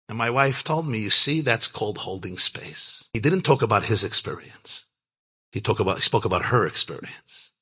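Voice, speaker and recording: A man, a rabbi, telling a personal story in an earnest, reflective way, with lively shifts when he acts out quoted lines. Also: moderate pace, breathy edge. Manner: animated, acts out quoted lines with big pitch jumps. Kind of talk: storytelling talk.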